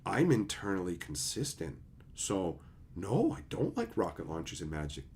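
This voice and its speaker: Angry sarcastic streamer, husky, animated pitch, lots of swearing. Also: male voice, normal speed. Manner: profane, heated, sarcastic, mocks opponents in put-on voices. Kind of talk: ranting commentary.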